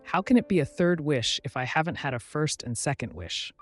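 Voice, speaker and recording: A man's voice: a little high, lively intonation, fairly quick, faint music behind. A man voicing a baffled elderly man who has lost his memory, read evenly.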